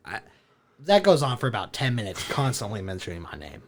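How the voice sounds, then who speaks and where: A man, a podcast guest, telling a story in a casual chat, animated, swearing and laughing as he goes. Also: lowish voice, fairly quick. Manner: animated, profane, laughing through his story.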